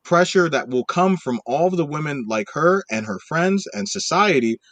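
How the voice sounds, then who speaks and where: Man co-host, emphatic and argumentative, slightly higher voice, dry close sound. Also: expressive, moderate pace, a bit bright, no room sound. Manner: emphatic, argumentative, tags points with "right?". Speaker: podcast co-host. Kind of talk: casual podcast chat.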